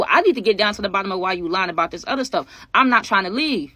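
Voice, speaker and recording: A young woman casually telling a storytime to her viewers, slangy and animated, talking straight to them. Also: fairly low pitch, very fast, few pauses, no echo. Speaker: vlogger.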